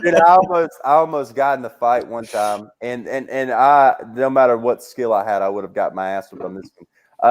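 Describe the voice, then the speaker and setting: A comedian spins fast, profane stories, his voice climbing high whenever he mimics someone. His voice sits at an everyday middle pitch for a man. He sounds like a lively young adult. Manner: animated, swearing, jumps into high voices for quoted people. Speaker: comedian guest. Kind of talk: casual storytelling.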